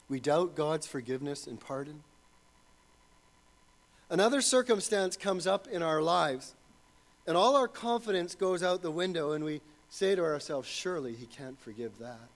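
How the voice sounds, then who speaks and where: A man's voice: high-pitched, expressive, moderate pace, pauses often. A man preaching a sermon as pastor, earnest and building to fervent emphasis.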